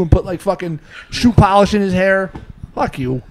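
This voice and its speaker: A man's voice: sits high, animated, moderate pace, a little mellow. A man co-hosting a casual podcast, ranting, swearing and laughing as he talks. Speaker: podcast co-host. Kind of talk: casual profane podcast banter. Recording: noisy podcast recording.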